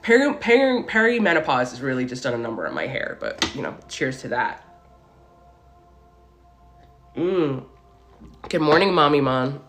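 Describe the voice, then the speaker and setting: A woman in her forties hosting a casual spiritual live stream. She chats excitedly, tells stories and greets viewers as she goes. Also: extremely low pitch, normal speed, soft background music. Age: 40s. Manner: chatty, greets and thanks viewers as she talks.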